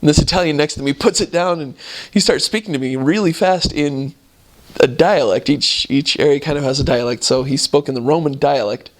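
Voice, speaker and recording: Man telling a story with many restarts. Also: fairly high pitch. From United States. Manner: halting, with fillers and restarts, laughing at the story. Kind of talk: casual storytelling.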